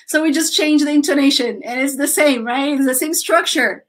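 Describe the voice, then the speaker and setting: A woman with a Brazilian Portuguese accent teaching an English grammar lesson, lively and laughing often as she drills students with example sentences. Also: high voice, normal speed.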